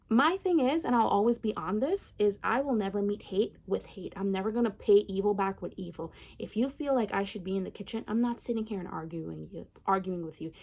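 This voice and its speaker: A woman's voice: mid-range voice, a little mellow. A woman giving heated social commentary, emphatic and ranting, repeating phrases for effect. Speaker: commentary vlogger.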